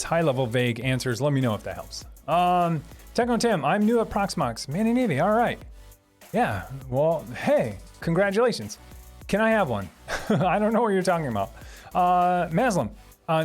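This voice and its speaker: A man casually answering viewer questions on a livestream, thinking aloud and laughing easily. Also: on the high side. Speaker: streamer answering live chat.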